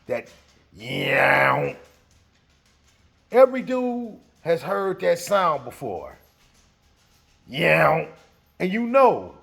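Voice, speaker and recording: A man telling a story in a casual way, animated and laughing as he acts out the scene. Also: fairly high pitch, very slow, gravelly, pauses often, husky.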